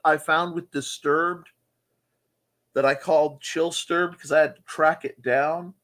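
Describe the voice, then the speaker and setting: A man's voice: fairly high pitch, expressive, moderate pace, a bit bright. A man hosting a casual livestream chat from home, playful and chatty as he reads comments. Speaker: host. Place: home room.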